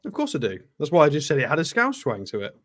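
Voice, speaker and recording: A man's voice: a little high, huge pitch swings, quick pace. A man co-hosting a casual stream, giving matter-of-fact views on football. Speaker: co-host pundit.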